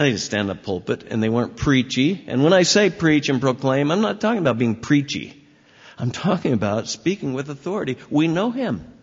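A man preaching a sermon as pastor, with emphatic swings in pitch and volume. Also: breathy edge. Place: church sanctuary. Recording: dull recording with long hall reverb.

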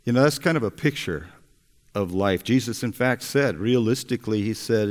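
A man preaching a sermon and retelling a story in a slow, storytelling delivery. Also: on the low side. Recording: echoey hall.

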